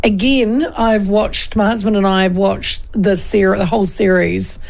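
Middle-aged woman from New Zealand, radio host, gravelly voice, loose chatty delivery. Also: medium pitch, steady tone, a little slow, a little mellow. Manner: chatty, laughs often, trails off mid-sentence. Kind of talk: casual chat reading listener texts.

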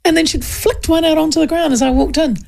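A woman's voice: sits high, steady tone, fairly quick, creaky, a little mellow. A middle-aged woman with a New Zealand accent hosting a talk radio show, chatting and telling stories in a loose, laughing way. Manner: chatty, laughing, acts out quoted voices. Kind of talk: casual chat and storytelling.

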